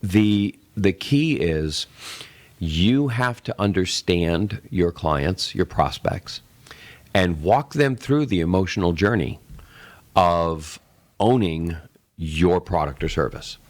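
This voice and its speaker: Deep-voiced man explaining, rambling. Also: lively intonation, slow pace. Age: middle-aged. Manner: rambling, explains with acted-out sales examples. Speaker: tech show co-host. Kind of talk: casual podcast discussion.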